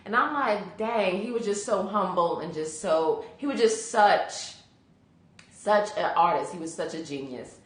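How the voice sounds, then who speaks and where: A woman's voice: fairly low pitch, lively intonation, unhurried, reverberant. A woman career coach hosting a casual live stream, chatty and greeting viewers by name, sleepy from allergies.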